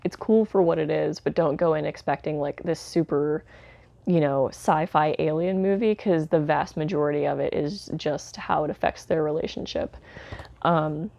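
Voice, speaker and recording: A woman talks through a film review in a loose, unscripted way, dotting her sentences with "um" and "like" and slipping in candid, mildly sardonic asides. Her voice sits on the low side with a gravelly fry. The sound is close and dry, with no room around it. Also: steady tone, moderate pace, warm tone, no echo. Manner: chatty, many fillers like "um" and "like". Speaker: home video reviewer. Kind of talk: casual spoken film review.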